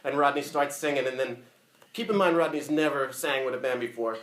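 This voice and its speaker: A man giving a casual, profane, animated eulogy full of stories at a memorial. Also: medium pitch, a little fast. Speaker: eulogy speaker. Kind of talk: funeral eulogy storytelling. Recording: echoey room.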